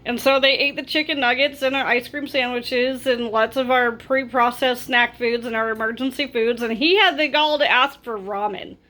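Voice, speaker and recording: A woman's voice: on the high side, fairly even intonation, moderate pace, hardly any pauses, sharp tone. A woman vlogger telling a storytime, exasperated and ranting with animation. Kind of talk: storytime vlog.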